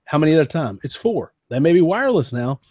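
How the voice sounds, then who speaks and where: A fast-talking man with a fairly high pitch, recorded with no room sound. As a podcast co-host who grew up as a teen in the late '90s, he chats excitedly and casually about old consoles, peppering his talk with "man" and "dude."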